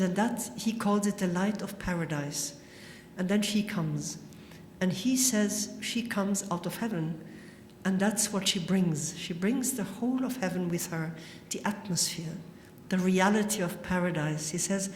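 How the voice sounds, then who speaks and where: A woman shares an earnest testimony in a storytelling way and often quotes what others told her. Her voice sits fairly low, and it rings out in a large reverberant hall with a faint hum behind it. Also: moderate pace, a little mellow. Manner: earnest, storytelling, frequent quoting. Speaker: speaker giving a talk. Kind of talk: spoken religious testimony. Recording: echoey hall with long reverb.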